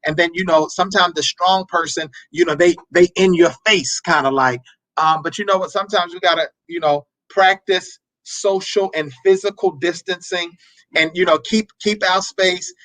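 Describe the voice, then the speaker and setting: A man hosting a marriage advice show, talking in a preacherly way, repeating words and breaking into animated asides. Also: high-pitched, normal speed, dry recording, rough recording. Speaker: marriage talk show host.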